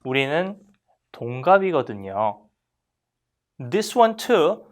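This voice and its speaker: A Korean language teacher with a medium-pitched voice explains grammar to learners, modeling phrases slowly so students can repeat them. The lively classroom delivery is punctuated by frequent check-in questions.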